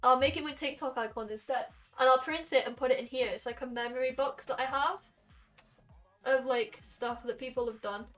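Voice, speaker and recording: A young woman streaming from her bedroom, chatting excitedly and gushing to her viewers. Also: high-pitched, fairly quick, faint music behind. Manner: excitable, gushing, talks to chat. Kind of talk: casual live-stream chat.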